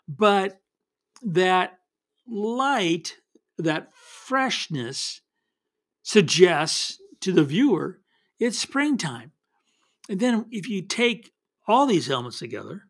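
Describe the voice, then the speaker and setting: A man casually teaching wildlife photography in a folksy, meandering way, often restarting his sentences. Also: high-pitched. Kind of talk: casual spoken photography tips.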